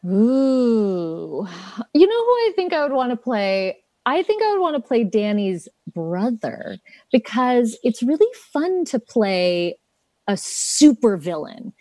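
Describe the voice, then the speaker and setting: A woman's voice: fairly high pitch, very animated, slow pace, warm tone, dry recording. A woman actress chatting as an interview guest, playful and laughing often. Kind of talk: casual interview chat.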